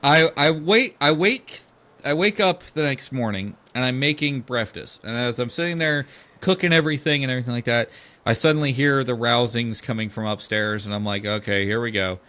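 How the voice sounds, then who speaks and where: A middle-aged man, a podcast host, telling a family story casually, animated and swearing freely as he acts out the quoted voices. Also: medium pitch, fairly quick.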